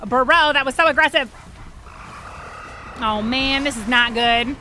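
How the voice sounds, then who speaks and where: A woman streaming a video game, chatting to her viewers, swearing freely and reacting fast to the gameplay. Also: high voice, noisy background. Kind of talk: casual gameplay livestream chat.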